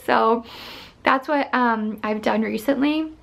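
A woman's voice: fairly high pitch, slow, vocal fry. A woman in her thirties chatting casually to camera in her bedroom as a vlogger, filling her talk with fillers and small laughs. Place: bedroom at home.

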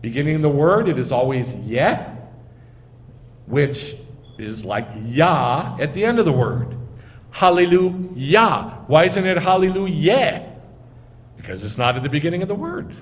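Speaking in a slightly high, sing-song voice at moderate speed, this rabbi gives a teaching sermon, walking through each point and putting questions to his listeners. Faint noise and the echo of a hall are audible.

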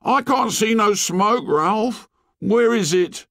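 A man voicing an anxious, short-sighted boy who pleads in a high, strained voice. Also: very animated, takes it slowly, fairly bright tone, dry recording, clean studio sound, heavily acted. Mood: fretful.

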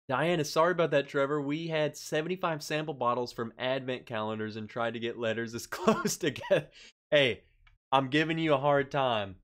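A man's voice: medium pitch, fairly bright tone. A man hosting a casual livestream, reading out chat comments, laughing often and sounding stressed. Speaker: livestream host. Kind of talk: casual live-stream chat.

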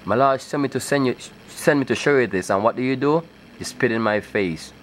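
Male video blogger, mid-range pitch, fervent sermon-style rant, keeps asking "okay?". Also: a little fast, slight background noise. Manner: emphatic and insistent, often repeats himself with "okay?"; breaks into rising, scripture-like declamation. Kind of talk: preaching monologue to camera.

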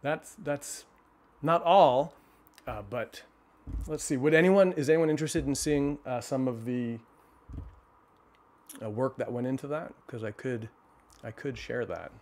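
A male host reading a children's storybook aloud with expressive timing, his voice sitting at an ordinary middle pitch. Between stories he chats casually with viewers, pausing and restarting as he thinks. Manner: expressive reading, then relaxed halting chat.

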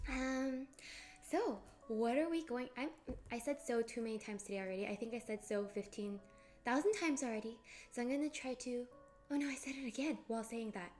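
Bubbly high-voiced young woman streamer. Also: brisk, darkish tone, soft background music. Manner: bubbly, giggly, greets chatters by name. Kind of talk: casual live-stream chat while cooking.

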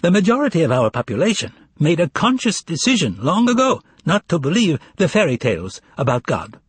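A man reading an audiobook voices a composed male editor who explains things in a measured, diplomatic way. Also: a little high, wildly swooping pitch, husky, no echo, pitched above the performer's own voice, full character voice.

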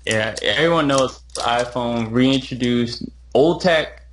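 A man's voice: medium pitch, unhurried. A wry, joking man chats on a casual sports podcast in a mid-range voice. He hesitates now and then, and a faint noise sits under his voice. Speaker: podcast co-host.

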